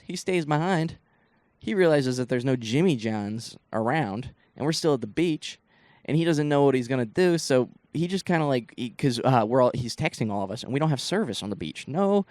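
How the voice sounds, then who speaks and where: Animated young man telling stories. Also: fairly high pitch, dry recording. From Northeast Ohio. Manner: animated rambling storytelling, lots of swearing and asides. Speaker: comedian and podcast host. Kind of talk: casual solo podcast storytelling.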